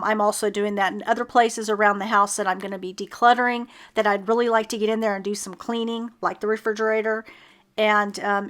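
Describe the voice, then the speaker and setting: A woman's voice: medium pitch, fairly bright tone. Chatty middle-aged woman with a lilt. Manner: chatty, with frequent ums and self-laughing asides. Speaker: home declutter vlogger. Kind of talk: casual how-to voice-over.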